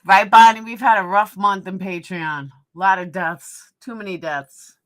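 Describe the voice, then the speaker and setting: A woman's voice: medium pitch, fairly even intonation, measured pace. A middle-aged woman with a New York accent, chatting bluntly on a live stream and answering viewer comments. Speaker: livestream host. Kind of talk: casual live-stream chat.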